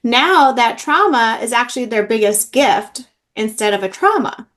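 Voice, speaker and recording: Middle-aged woman, a healing practitioner, earnest and filler-heavy, pitched a little high. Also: expressive, moderate pace, a bit bright. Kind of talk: interview, personal story.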